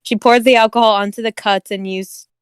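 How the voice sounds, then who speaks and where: A woman narrating a horror story aloud for friends. Her voice is smooth and clear, recorded close and dry, with a steady reading pace. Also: fairly high pitch, fairly quick, no room sound. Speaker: story reader.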